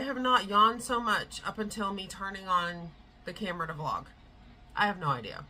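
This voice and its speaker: A woman's voice: medium pitch, normal speed, pushed and bright, slight background noise, rough recording. A middle-aged woman, chatting casually to her tripod camera at home, rambling with lots of fillers. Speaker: vlogger. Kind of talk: casual vlog chat. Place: at home, indoors.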